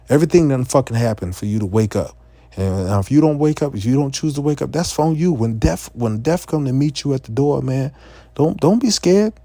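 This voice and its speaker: Man, dark mellow voice, dry close recording, profane street-preaching rant, stammering, bursts of shouting. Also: medium pitch, no room sound. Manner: profane, repetitive, stammering restarts, rising into shouts.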